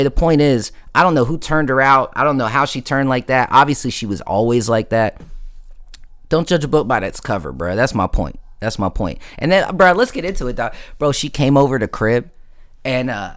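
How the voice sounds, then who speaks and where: Man, stream host, casual late-night chat, slangy, rambling, filler-heavy storytelling, mid pitch. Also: fairly bright tone. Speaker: livestream host.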